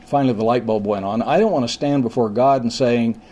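A man's voice: medium pitch, dark tone. Older male pastor preaching conversationally. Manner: folksy, halting restarts, slows down to stress points. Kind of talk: conversational sermon.

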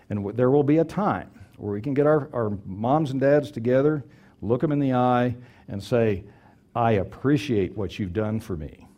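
Middle-aged male preacher, mellow voice, emphatic delivery. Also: mid-range voice. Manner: earnest, emphatic, repeats key phrases. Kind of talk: sermon.

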